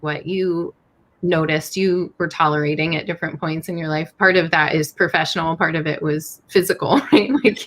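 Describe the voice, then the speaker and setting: A woman host leads a relaxed interview in a somewhat low voice. She asks open questions and affirms her guest with short, encouraging replies. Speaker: host, Ayurveda practitioner and yoga teacher. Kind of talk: casual interview talk.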